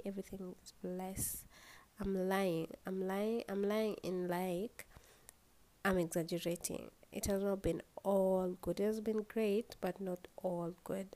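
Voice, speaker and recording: With a warm, medium-pitched voice and a Kenyan accent, a young woman rambles through her solo podcast, tired and yawning. She curses freely and moves back and forth between English and Swahili.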